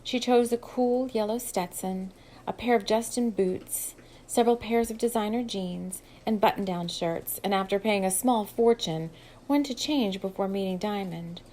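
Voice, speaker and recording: A woman's voice: mid-range voice, moderate pace, a little mellow, a little hiss or hum, rough recording. Woman reading her own novel aloud. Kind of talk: audiobook narration.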